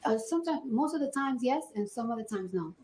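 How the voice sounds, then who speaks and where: A woman in her thirties on the witness stand, her voice pitched a little high as she tells her story in a lively, slangy way. She slips into the voices of the people in her account, and a faint hiss sits under her words. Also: a little fast, low-quality recording. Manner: animated storytelling, acts out quoted dialogue in slang. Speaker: trial witness. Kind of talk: courtroom testimony. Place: courtroom.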